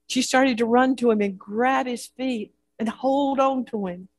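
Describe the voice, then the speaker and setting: A woman's voice: on the high side, slow, no echo. A woman pastor preaching a sermon with a repetitive, building cadence.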